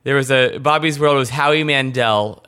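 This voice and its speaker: A man's voice: mid-range voice, moderate pace, pushed and bright, clean tone. A man hosting a podcast, chatting casually and animatedly with rambling asides. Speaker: podcast host. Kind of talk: casual interview chat.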